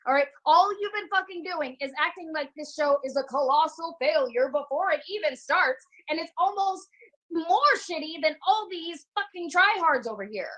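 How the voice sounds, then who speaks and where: A woman's voice: extremely high pitch, lively intonation, normal speed, a bit bright, low-quality recording. An actress playing a foul-mouthed, abrasive young actress who hurls insults at her castmates in a comedic video-call drama. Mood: scornful. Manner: insulting, profane and scornful.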